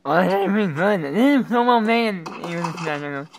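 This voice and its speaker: Excitable young man reacting aloud. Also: high-pitched, brisk, slight background noise, poor audio. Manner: excitable, loud bursts of exclaiming. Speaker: reaction video creator. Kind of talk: reaction commentary.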